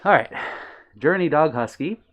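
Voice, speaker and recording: A man's voice: fairly high pitch, expressive, normal speed, highs cut off. A man chatting casually on a live stream, reading viewer messages aloud with lots of ums and uhs, a little out of breath at times. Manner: friendly, reads chat messages aloud, many ums. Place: his own room on stream.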